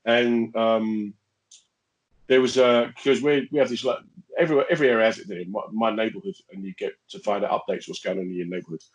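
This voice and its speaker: A man's voice: fairly low pitch, steady tone, brisk, poor audio. A man co-hosting a podcast, chatting casually in an indignant, joking way. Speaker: podcast co-host. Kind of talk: casual chat.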